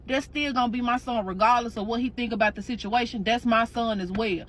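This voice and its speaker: A woman's voice: a little high, brisk, a bit bright, a little hiss or hum, natural voice. A woman voicing a protective husband who talks in a blunt, slangy, reassuring way. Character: protective loving husband, adult man.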